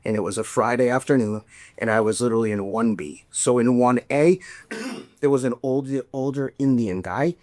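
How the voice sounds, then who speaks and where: A male podcast host in the middle of a casual, swear-laden story, jumping into the voices of the people he describes. His voice sits at a middle pitch. The sound is close and dry. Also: normal speed, dry recording. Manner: animated, profane, acts out quoted voices.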